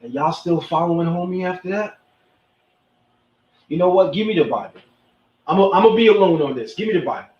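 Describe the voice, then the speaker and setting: A man delivering preachy commentary with emphasis, often repeating a line to hammer it home. His voice sits a little high and comes through an echoey, muffled recording from some distance off the mic. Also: lively intonation, fairly quick, pauses often. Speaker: host. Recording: echoey, distant, dull sound.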